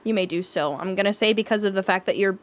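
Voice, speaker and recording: A woman acting as game master for a tabletop role-playing game, relaxed and quick to laugh. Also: mid-range voice. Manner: laughs easily, relaxed and casual.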